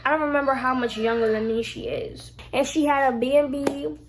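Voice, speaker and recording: A young woman with a high voice tells a casual storytime straight to her phone camera. She is animated and swears freely, and she jumps into the voices of the people in her story as she goes. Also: fairly quick, noisy background. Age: young adult. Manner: animated, swears freely, acts out quoted lines. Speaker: vlogger.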